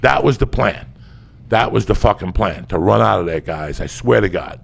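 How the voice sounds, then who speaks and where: A man from the New Jersey and New York area telling a comedic story as a podcast guest, loud and profane, swinging from shouts to low mutters. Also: expressive, normal speed, vocal fry.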